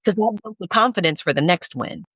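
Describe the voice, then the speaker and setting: A woman therapist, appearing as a guest on a podcast, talks with a low-leaning, slightly rough, somewhat bright voice, lively intonation, and a fairly quick pace. Like a pep talk, she repeats punchy lines of encouragement, speaking casually and calling listeners "y'all" and "sis." The sound is dry, with no room echo.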